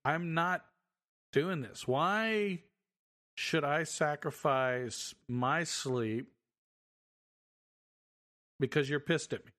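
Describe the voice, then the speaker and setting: A man's voice: on the high side, very slow, pauses often, a bit bright. A man in casual conversation, reflective and agreeable, offering his own views. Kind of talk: casual chat.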